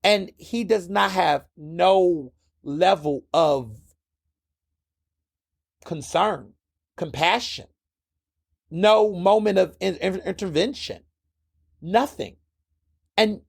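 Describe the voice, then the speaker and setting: A man's voice: sits high, animated, slow, gravelly, long pauses, no echo, clean studio sound. A man hosting his own podcast, giving blunt, impassioned solo commentary and repeating words when worked up. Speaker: podcast host.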